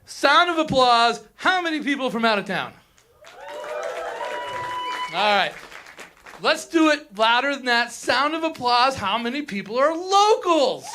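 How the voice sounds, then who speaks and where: A man's voice: very high voice, big pitch swings, a little slow, long pauses, a loud crowd, heavy background noise. A young man from Colorado doing a crude stand-up comedy set on a theater stage, ranting and mimicking whiny locals.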